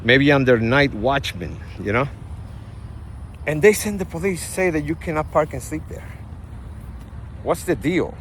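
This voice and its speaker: A man from Puerto Rico with a Puerto Rican accent, vlogging to his phone in a parking lot in a rambling, animated way, full of asides. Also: on the high side, unhurried, pauses often. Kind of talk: casual vlog talk. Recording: faint outdoor traffic noise.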